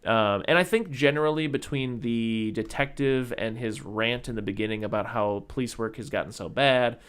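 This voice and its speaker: A man's voice: mid-range voice, moderate pace, a bit bright, clear, resonant tone. A man hosting a podcast, chatting casually and rambling about movies with lots of fillers and restarts. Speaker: podcast host.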